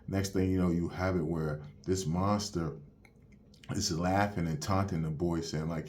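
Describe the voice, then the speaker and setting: A young man with a very low voice recaps a comic chapter in relaxed, slangy everyday speech. He strings the story along with casual connectors, and there is a faint hiss behind him. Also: a little slow. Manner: loose and slangy, retelling the plot with "you have it where". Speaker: manga reviewer.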